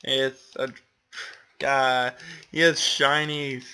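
Young male gamer, slow-paced casual commentary, self-mocking, exclaims a lot. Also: mid-range voice, flat delivery, sharp tone, clean tone. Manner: self-deprecating, exclamatory, laughs often.

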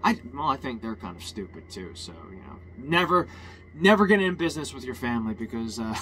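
A man's voice: mid-range voice, sing-song, a little fast, a bit bright, a little hiss or hum. A man ranting in a heated, rambling personal monologue, swearing often and restarting his sentences.

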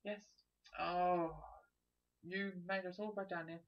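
A gamer giving chatty, excitable let's play commentary, thinking aloud as they explore. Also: medium pitch, takes it slowly. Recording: dull lo-fi recording.

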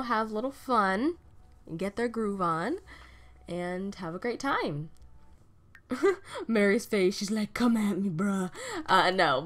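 A young woman casually commenting on a video game as she plays, chatty and giggly, often laughing at what happens on screen. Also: medium pitch. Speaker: gaming video host. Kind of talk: casual let's-play commentary.

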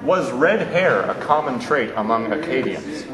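A man's voice: mid-range voice, expressive, moderate pace, roomy sound, big-room sound, loud music behind the voice, natural voice. A young man playing a mock talk show host interviewing a guest. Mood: mock-serious.

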